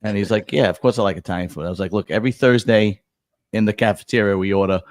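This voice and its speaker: His voice is on the low side with a darkish tone, and he talks fast in a dry recording. A middle-aged podcast host, he trades profane workplace tales casually, restarting his sentences again and again.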